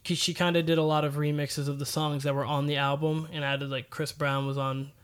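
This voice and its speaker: A man co-hosting a podcast, chatting casually with relaxed restarts and fillers. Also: a little high, fairly quick, clear, resonant tone. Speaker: podcast co-host. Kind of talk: casual chat.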